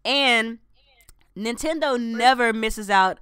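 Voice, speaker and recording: A woman's voice: fairly high pitch, slow pace, a bit bright, clear, resonant tone, dry recording, clean studio sound. A woman co-hosting a casual gaming chat, chatty and slangy, laughing often. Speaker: podcast co-host.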